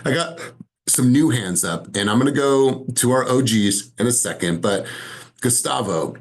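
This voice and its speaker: A man's voice: mid-range voice, expressive, moderate pace. Male sales coach, motivational, emphatic storyteller on a video call, mid-range voice.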